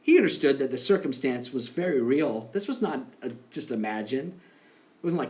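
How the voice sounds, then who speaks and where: Male pastor, casual animated sermon delivery, fairly high voice with lively pitch swings. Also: normal speed. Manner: conversational, animated, acts out quotes with laughs.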